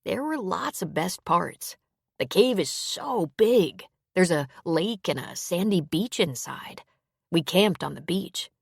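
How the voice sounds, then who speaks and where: A quiet, gentle grown man speaks in a low, reassuring murmur, as a woman narrator reads his lines. His voice sits low and carries a gravelly edge, recorded close and dry. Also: lively intonation, slow pace, no echo, exaggerated voice. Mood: warm. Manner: soft, reassuring, low-key. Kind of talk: audiobook character reading.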